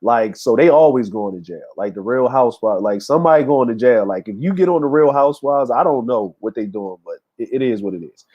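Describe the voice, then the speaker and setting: A man's voice: medium pitch, expressive, fairly quick, few pauses, a little mellow. A man hosting a casual livestream, talking loosely to his chat with frequent fillers and laughter. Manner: laid-back, laughing, talks to chat with many fillers. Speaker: show host.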